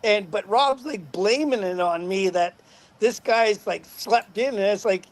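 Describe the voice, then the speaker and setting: A middle-aged man with a high-pitched voice tells loose, rambling stories. He swears casually and keeps breaking into laughter at his own tales. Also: unhurried. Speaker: podcast guest, former motorcycle racer. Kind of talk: casual storytelling.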